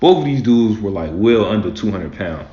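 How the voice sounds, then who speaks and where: Low-voiced man rambling in a roomy room. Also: expressive, moderate pace, dark tone. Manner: loose, rambling, fond of "man" and "like". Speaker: wrestling fan host. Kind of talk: casual commentary. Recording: roomy, dull lo-fi sound.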